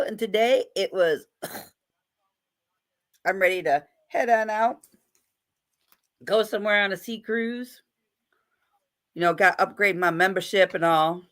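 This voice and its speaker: A livestream host chats in a playful, talkative way and greets her viewers by name. Her voice is medium in pitch and slightly bright, suited to casual live-stream conversation.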